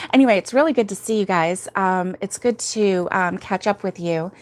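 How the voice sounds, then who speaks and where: A woman with a medium-pitched, somewhat dark voice talks at a moderate pace from home while hosting a relaxed crochet livestream. She's sleepy and yawns, rambling chattily with lots of fillers and frequent laughter as she answers viewers' comments.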